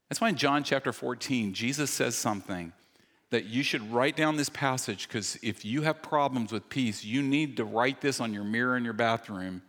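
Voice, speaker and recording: Every phrase of this sermon rings on in the large hall's long reverb. The pastor, a man with a mid-range voice, speaks from a church stage with animation, moving between punchy humor and quieter earnestness and poking fun at himself in quick bursts.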